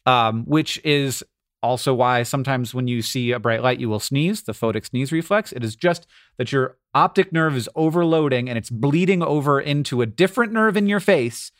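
A man's voice: mid-range voice, normal speed, dry recording, studio quality. An American man co-hosting a podcast, who laughs easily and explains science in a casual, rambling way. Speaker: podcast co-host. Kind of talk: casual chat.

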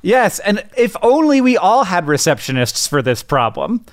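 A man's voice: sits high, very animated, normal speed, dry recording, clean studio sound. A middle-aged man co-hosting a podcast, chatting casually in a playful way and laughing often. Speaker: podcast co-host. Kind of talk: casual chat.

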